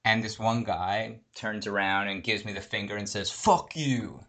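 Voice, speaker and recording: A man casually telling a long, profane story, animated and acting out the people in it. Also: fairly low pitch, moderate pace. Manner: animated, swears a lot, acts out quoted people.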